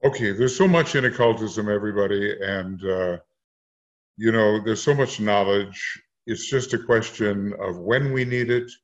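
A man leading a casual discussion, speaking haltingly with many pauses and fillers. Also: lowish voice. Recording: muffled lo-fi sound.

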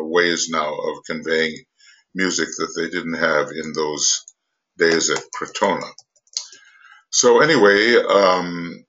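An older man giving an unscripted spiritual lecture, halting with many pauses, fillers and restarts. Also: low voice, pushed and bright, dull audio. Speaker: esoteric teacher.

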